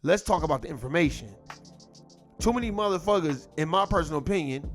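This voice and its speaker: A man with a high voice that swings wildly up and down delivers a cussing, irritated rant. He circles back over his points again and again. Faint music sits behind him. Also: expressive, quick pace. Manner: irritated, cussing, repeats himself. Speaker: commentary host. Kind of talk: profane ranting commentary.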